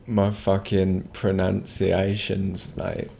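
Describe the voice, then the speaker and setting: A man's voice: low voice, completely flat delivery, slow pace, vocal fry, mellow, a little hiss or hum. A man streaming a game live, rambling casually, swearing freely and chatting with his viewers. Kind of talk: casual live gameplay commentary.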